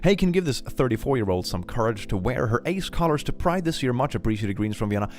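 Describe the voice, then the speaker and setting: A man's voice: big pitch swings, fast. Bubbly, giggly young man streaming. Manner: bubbly, giggly, swoops into high squeals. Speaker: streamer reading donations. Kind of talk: casual livestream chat.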